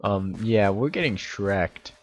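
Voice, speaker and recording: A man giving casual, excitable and rambling commentary while playing a video game. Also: fairly low pitch, slow pace, background noise. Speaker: gaming YouTuber.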